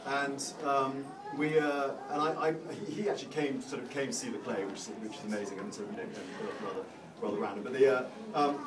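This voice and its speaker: A middle-aged man giving a eulogy for his father, telling funny stories in a halting, self-deprecating way with many restarts. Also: mid-range voice, steady tone, a crowd in the background. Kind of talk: anecdotal speech to a crowd. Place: large room at a funeral gathering. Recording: roomy hall, distant mic, audience laughter.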